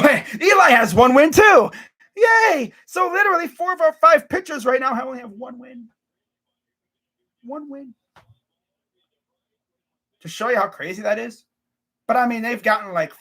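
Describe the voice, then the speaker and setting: Husky, high-voiced young man ranting. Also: fairly bright tone. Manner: ranting, exasperated, repeats himself. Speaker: sports channel host. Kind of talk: casual sports rant.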